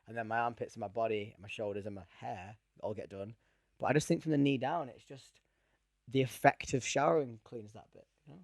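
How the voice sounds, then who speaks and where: A man's voice: medium pitch, fairly even intonation, brisk, gravelly, no room sound, clean studio sound. A man co-hosting a podcast, talking in a rambling, jokey, self-mocking way. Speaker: podcast co-host. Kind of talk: casual podcast banter.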